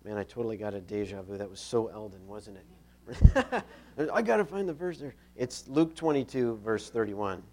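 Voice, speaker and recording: A man's voice: on the low side, expressive, moderate pace, darkish tone. A man preaching a sermon in a conversational, storytelling way, stressing key points.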